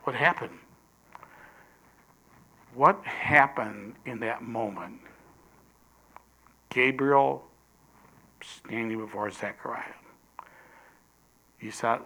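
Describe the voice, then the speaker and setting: Slow, bright-voiced male preacher. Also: medium pitch. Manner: swings between loud emphasis and hushed whispers. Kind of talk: sermon.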